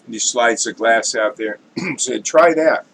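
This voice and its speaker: A man hosting his own show, telling a classic joke in a relaxed, folksy way. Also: on the low side, moderate pace, slight background noise, low-quality recording. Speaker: storyteller host.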